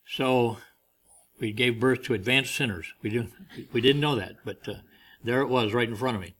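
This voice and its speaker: A man's voice: medium pitch, moderate pace, fairly bright tone. A man preaching a sermon, telling a family story and acting out the voices he quotes.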